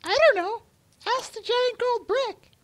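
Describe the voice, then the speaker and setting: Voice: very high voice, a little slow. A voice actor playing a youthful, playful moon princess who reads her lines cheerily, in a comic read aloud with voices.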